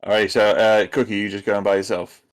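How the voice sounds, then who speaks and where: Low-voiced male game master, halting. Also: level tone, smooth. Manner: hesitant, many ums and restarts. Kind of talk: narrating a tabletop role-playing game.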